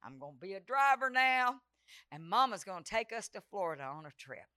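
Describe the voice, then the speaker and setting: Smooth-voiced woman preaching a revival sermon. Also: mid-range voice, big pitch swings, fairly quick, pushed and bright, no echo, clean studio sound. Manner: dramatic, breaks into sung prayer, acts out quoted dialogue. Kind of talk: revival sermon with personal storytelling.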